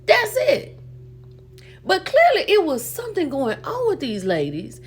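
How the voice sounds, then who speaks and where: Animated woman dishing on a reality show. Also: high voice, moderate pace. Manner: animated, slangy, addresses viewers as baby and y'all. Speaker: reaction video host. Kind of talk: casual recap commentary.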